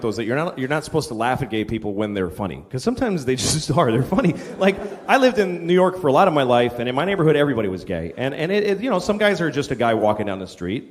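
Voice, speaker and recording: Profane, exasperated male stand-up comic. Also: mid-range voice. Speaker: stand-up comedian. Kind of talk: stand-up comedy. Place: comedy stage before a live audience. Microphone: stage mic. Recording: live audience and room noise. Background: crowd laughter.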